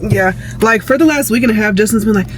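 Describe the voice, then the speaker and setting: A woman's voice: mid-range voice, quick pace, slight background noise, rough recording. A woman talking casually to the camera in a vlog, full of fillers, recorded in a car. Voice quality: chatty, many fillers like "like" and "um". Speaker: vlogger.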